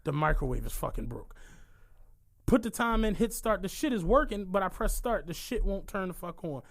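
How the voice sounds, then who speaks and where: A man's voice: high voice, brisk. A young man, telling a story on a casual podcast, swearing and laughing as he goes. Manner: animated, swearing, laughs through his stories. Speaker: podcast co-host.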